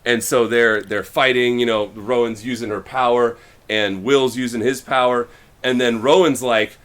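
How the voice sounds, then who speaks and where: A man co-hosting a podcast, casually retelling a story and acting out the characters' lines in quick little voices. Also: medium pitch, a bit bright. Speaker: podcast co-host.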